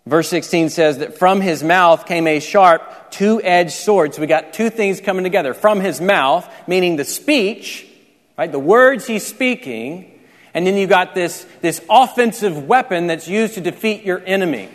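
A man's voice: high-pitched, expressive, measured pace. A man preaching a sermon, explaining scripture step by step and often restarting his sentences. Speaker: pastor. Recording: reverberant large hall.

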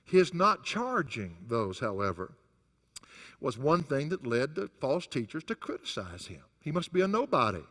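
A male pastor with a medium-pitched, sing-song voice preaches at a moderate pace, his sound a bit bright and echoing like a big room. He swings sharply up and down for emphasis and chuckles between points.

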